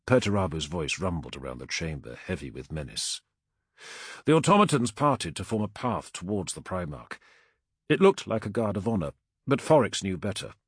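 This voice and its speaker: Brief: male audiobook narrator, husky, lively pitch, dramatic. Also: no room sound, studio quality. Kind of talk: scripted narration.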